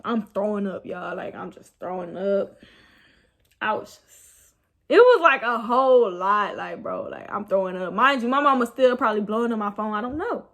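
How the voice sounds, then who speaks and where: A young woman, casually telling a rambling, animated story about her night out. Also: medium pitch, normal speed. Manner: animated, rambling, laughs at herself. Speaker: vlogger.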